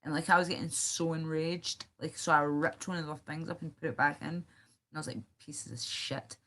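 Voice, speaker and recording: A woman's voice: low-pitched, little pitch movement, brisk, fairly bright tone. A Scottish woman rambling and swearing on a live stream, chatting directly to her viewers. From Scotland.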